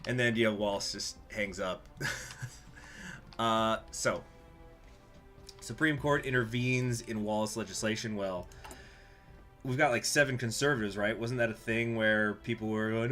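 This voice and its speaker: A man's voice: fairly low pitch, normal speed, fairly bright tone, soft background music. A man casually commenting on a strategy game as he plays, reading events aloud with laughing asides. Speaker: game streamer.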